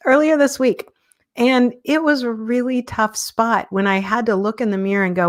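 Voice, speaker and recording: A woman's voice: mid-range voice, moderate pace. A woman in her fifties, a podcast host, talking candidly in a casual live-stream monologue, self-deprecating and chuckling often. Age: 50s.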